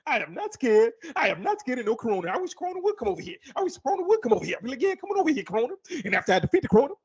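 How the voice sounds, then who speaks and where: A man voicing a boastful, excitable cartoon donkey in a brash, fast manner. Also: very high voice, muffled recording, a crowd in the background, voice pushed up, exaggerated voice.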